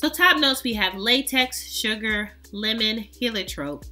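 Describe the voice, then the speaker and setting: A woman's voice: on the high side, animated, a little slow, sharp tone, soft background music. A woman reviewing fragrances in a casual vlog, chatty and emphatic with playful, sassy asides.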